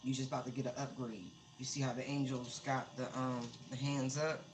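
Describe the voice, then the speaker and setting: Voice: mid-range voice, flat delivery, brisk, slight background noise, poor audio. A tarot reader giving a casual, emphatic live-streamed reading, often repeating words for stress.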